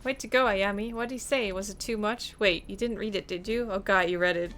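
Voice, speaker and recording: A woman voicing an excited young woman at a police front desk, reading game dialogue aloud. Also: medium pitch, a little fast, natural voice. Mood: giddy. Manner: excited, gushing.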